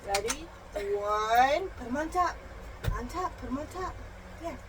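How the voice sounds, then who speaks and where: High-voiced mother, slow and singsong. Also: lively intonation. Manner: singsong, exaggerated gasps and animal sounds for a child. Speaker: parent teaching her child at home. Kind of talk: home video, playful teaching. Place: home room. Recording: noisy home phone recording.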